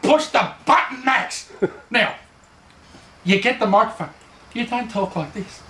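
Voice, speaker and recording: A man's voice: high-pitched, lively intonation, a little slow, sharp tone, echoey room, a little hiss or hum. An Australian man giving a sarcastic, mocking comedy lecture as a mock instructor.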